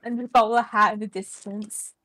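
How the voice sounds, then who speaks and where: A British woman joining a stream in casual chat, playful and quick to laugh and break into joke voices. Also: mid-range voice, little pitch movement, a bit bright. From Britain. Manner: playful, jumps into jokey character voices and laughs.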